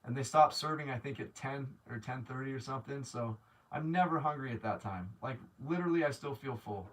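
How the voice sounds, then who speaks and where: A man's voice: mid-range voice, brisk, recorded from a distance. A man hosting a casual live stream, chatting to viewers, rambling with many restarts and growing openly grateful. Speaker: livestream host.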